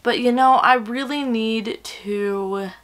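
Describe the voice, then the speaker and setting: A woman in her twenties chatting in a casual book vlog at home, gushing and excitable, breaking into gasps and breathy whispers. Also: fairly high pitch, takes it slowly. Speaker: book vlogger.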